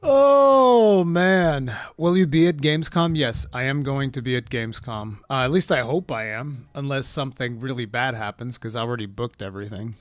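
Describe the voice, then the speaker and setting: A man's voice: mid-range voice, fairly quick, few pauses, dry recording. A man hosting a casual live stream, rambling through gaming news and reading chat aloud. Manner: rambling, reads chat aloud, bursts of laughing excitement.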